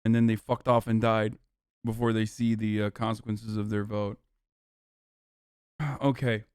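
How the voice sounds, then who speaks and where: A man's voice: fairly low pitch, flat delivery, a little slow, darkish tone, clear, resonant tone, dry recording, clean studio sound. Blunt, profane male streamer. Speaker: livestreamer. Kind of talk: casual live-stream commentary.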